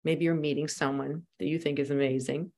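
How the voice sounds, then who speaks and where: A woman with a slightly low voice speaks as a guest on a conversational podcast. She tells her stories with energy and slips into the voices of the people she quotes. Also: brisk. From United States. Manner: animated storyteller, acts out quoted voices. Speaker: guest, spiritual teacher and life coach.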